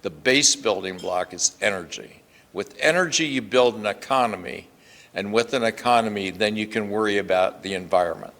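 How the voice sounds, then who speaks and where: An older man speaks from a podium in a low, grounded voice. He is plainspoken and emphatic, stopping to restart his sentences, while the long reverb of a hotel event hall trails behind each phrase. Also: moderate pace, a bit bright. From Pennsylvania. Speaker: state senator giving a speech. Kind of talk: speech at a press club luncheon.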